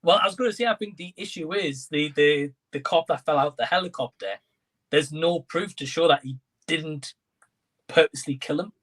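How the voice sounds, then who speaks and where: Husky-voiced young man discussing a film. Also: fairly high pitch, moderate pace, fairly bright tone. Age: young adult. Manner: hesitant, thinks aloud with fillers. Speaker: co-reviewer. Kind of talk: casual movie discussion.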